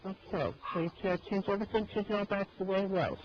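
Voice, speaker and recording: High-voiced pleading man on a lo-fi call. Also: fast, slight background noise. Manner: pleading, bursts into angry shouting. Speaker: person on a prank call. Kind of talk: archived voice-chat recording. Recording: dull lo-fi voice-chat audio.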